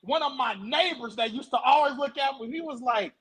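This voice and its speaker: High-voiced man telling a story. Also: brisk, hardly any pauses, husky, low-quality recording. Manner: animated, stutters and repeats words. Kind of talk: casual storytelling.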